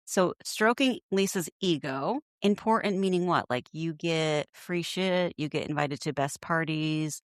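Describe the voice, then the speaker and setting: A woman with a somewhat low voice co-hosts a casual podcast and talks bluntly about reality TV. She swears freely and slips into acted-out quotes. Her sound is dry and close, with no room around it. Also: a little slow, hardly any pauses, no echo. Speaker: podcast co-host. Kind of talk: casual reality-TV recap chat.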